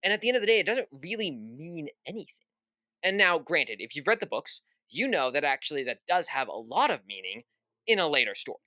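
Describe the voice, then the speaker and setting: A man's voice: fairly high pitch, very animated, a little fast, sharp tone, no echo. A young man co-hosting a podcast, chatting casually about a film and acting out quoted reactions. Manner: acts out quoted reactions, lots of "at the end of the day". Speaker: podcast co-host. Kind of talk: casual film review chat.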